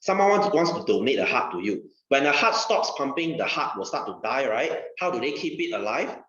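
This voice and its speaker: A male science teacher gives a casual lesson in a chatty way, repeating phrases and asking rhetorical questions. His mid-range voice is very animated, brisk and fairly bright, captured in a dull, roomy recording.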